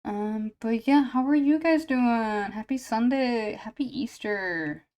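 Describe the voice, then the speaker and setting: A woman's voice: on the high side, unhurried, a little mellow. Woman rambling on stream while she draws, chatty and self-deprecating, kinda sniffly, lots of um and like. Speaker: streamer drawing live. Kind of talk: casual chat while drawing.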